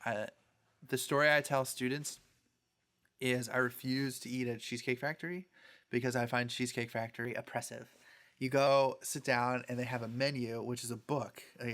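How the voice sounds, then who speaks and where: A man's voice: mid-range voice, fairly bright tone. A man, a priest hosting a podcast, chatting casually and telling anecdotes full of filler words. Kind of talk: casual conversational chat.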